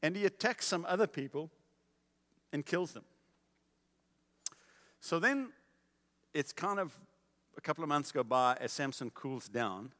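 A male preacher tells a story in a casual, animated way. His fairly high voice carries through a large hall with a long, lingering reverb. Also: a little slow, pauses often. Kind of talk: storytelling sermon.

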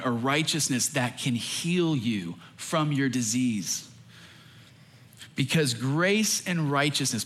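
A man's voice: medium pitch, lively intonation, unhurried, fairly bright tone. A young adult man, a pastor, preaching a sermon in an earnest, emphatic way.

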